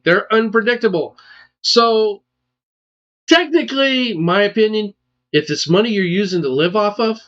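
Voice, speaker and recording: Financial advisor man, emphatic, slightly high voice, dull lo-fi audio. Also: fairly bright tone. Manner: emphatic, repeats "okay?" and "all right?" to check understanding. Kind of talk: explaining retirement charts. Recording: dull lo-fi sound.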